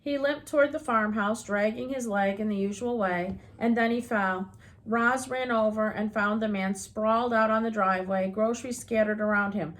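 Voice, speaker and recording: A woman's voice: medium pitch, fairly even intonation, moderate pace. Woman reading a children's novel aloud. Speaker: audiobook reader.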